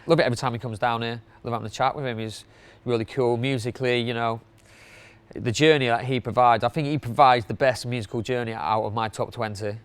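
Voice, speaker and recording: Chatty man, smooth voice. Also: mid-range voice, steady tone, a little fast. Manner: chatty, rambling, with fillers and laughs. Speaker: club night promoter. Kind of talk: casual spoken countdown.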